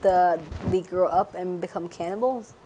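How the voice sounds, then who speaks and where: Woman dropping deadpan silly answers, faint noise behind. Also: lowish voice, moderate pace. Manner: deadpan, absurd quips. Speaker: podcast guest. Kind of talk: casual comedic chat.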